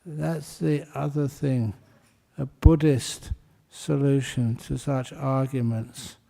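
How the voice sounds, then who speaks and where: Slow gravelly guy giving a buddhist talk, easygoing and jokey. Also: medium pitch, flat delivery. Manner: gentle, humorous storytelling. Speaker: Buddhist teacher. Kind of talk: dharma talk.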